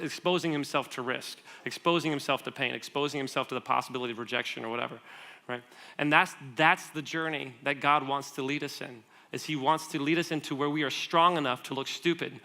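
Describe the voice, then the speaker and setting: Bright-voiced man preaching conversationally. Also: a little high. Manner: animated storytelling with quick asides and laughs; conversational, asks the audience questions. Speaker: guest speaker. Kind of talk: sermon.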